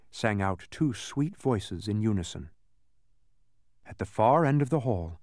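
A man narrating a children's storybook aloud in an expressive, measured way. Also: mid-range voice, dry recording, studio quality.

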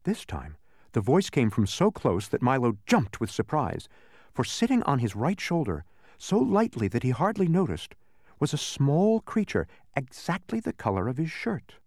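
Male storybook narrator, gravelly, dry close mic. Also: mid-range voice, no echo. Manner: expressive, slowing down for effect.

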